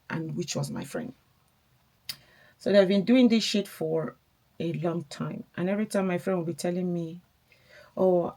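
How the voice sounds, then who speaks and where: A young woman talks straight to her viewers while getting ready. Her voice sits a touch lower than most women's, and she rambles in a candid, confiding way, circling back on her own thoughts. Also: mellow. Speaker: vlogger. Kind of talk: casual get-ready-with-me storytelling.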